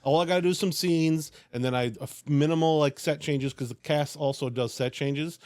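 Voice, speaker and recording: A man's voice: a little high, fairly even intonation, a little fast, a little mellow, no echo. A man who acts on stage, a guest in casual chat, self-deprecating and trailing off with fillers.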